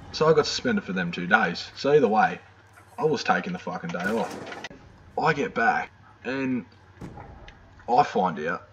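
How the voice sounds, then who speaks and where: A man's voice: deep voice, a bit bright, muffled recording, slight background noise. A young Australian man telling a school story over gameplay, crude and rambling, swearing often. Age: young adult. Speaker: gaming video creator.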